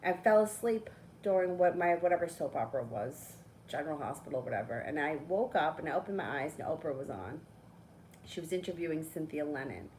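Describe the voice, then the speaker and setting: A middle-aged woman, a tarot reader chatting casually on a live stream, telling a story with lively, swearing asides. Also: lowish voice, a little hiss or hum, rough recording.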